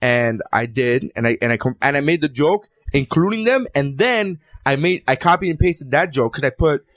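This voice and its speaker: A man's voice: fairly high pitch, expressive, moderate pace, a bit bright, no room sound. A young man on a podcast, telling an indignant, worked-up story with lots of swearing. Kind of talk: casual chat.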